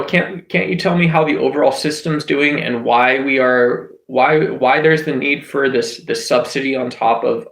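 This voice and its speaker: Guy rambling on a livestream, lots of likes and ums, gravelly voice. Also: a little high, a bit bright, reverberant. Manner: rambling, heavy on filler words and restarts. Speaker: livestream host. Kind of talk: casual livestream chat.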